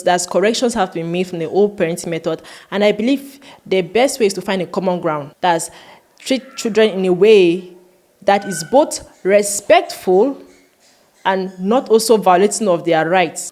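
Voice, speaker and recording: A woman vlogger giving earnest, emphatic commentary, slowing down to stress her points. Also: medium pitch, a little mellow. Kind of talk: opinion commentary.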